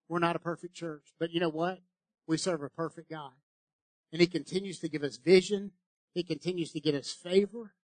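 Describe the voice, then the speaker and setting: A middle-aged man preaching a sermon as pastor, impassioned and conversational, swinging between loud exhortation and hushed, intimate appeals. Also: on the high side, no echo, poor audio.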